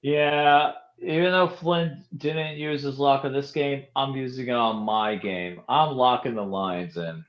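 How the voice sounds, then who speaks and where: A man's voice: medium pitch, unhurried, hardly any pauses, muffled recording. A man on a football podcast panel, making brash and confident picks. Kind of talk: casual sports chat.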